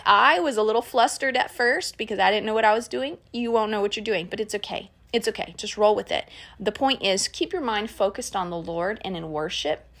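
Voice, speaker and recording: An earnest woman teaches in a relaxed podcast style, mixing encouragement with casual fillers. She has an average-pitched voice and talks to the listener like a parent explaining something simple. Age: adult parent.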